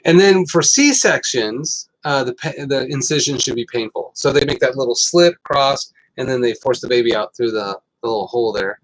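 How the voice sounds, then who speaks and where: A middle-aged man hosting a casual health talk, telling stories with lots of fillers and getting animated. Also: mid-range voice, moderate pace, few pauses, low-quality recording. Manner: rambling, animated storytelling with fillers. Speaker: host.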